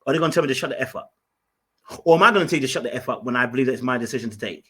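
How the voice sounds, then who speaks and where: A man's voice: medium pitch, very fast, fairly bright tone, breathy edge. A man hosting a podcast, telling a story in an emphatic, casual way and often restarting and repeating his words. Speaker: podcast host.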